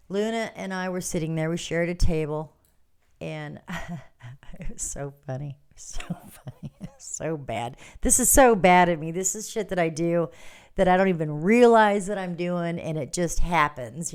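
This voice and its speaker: A woman's voice: on the low side, smooth. Chatty, laughing woman livestreamer. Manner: chatty and animated, laughs often, reads out viewer comments. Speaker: livestream host. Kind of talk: casual storytelling to a live audience.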